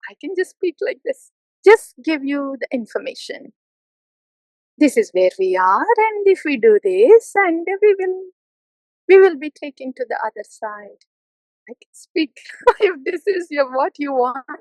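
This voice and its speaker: A woman's voice: sits high, sing-song, a little slow, a little mellow, no room sound, rough recording. A woman spiritual teacher giving a devotional talk, playfully mimicking complacent listeners.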